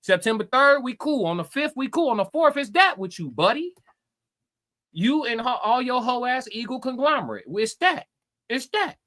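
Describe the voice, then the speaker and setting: A man's voice: extremely high pitch, animated, normal speed, sharp tone. A man hosting a live reaction stream, reading his chat aloud and answering with brash, profane, taunting trash talk that repeats itself.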